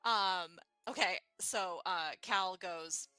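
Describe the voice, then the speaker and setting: A woman player in a tabletop game, giggly and quick-witted, pushing her questions. Her voice is high-ish and bright, recorded very dry and close. Faint music runs underneath. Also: expressive, dry recording. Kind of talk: tabletop role-play.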